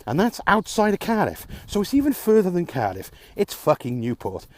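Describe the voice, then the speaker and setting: A man's voice: high-pitched, huge pitch swings, normal speed, darkish tone. Frustrated man ranting in a vlog. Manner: frustrated, sarcastic, swears often. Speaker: vlogger.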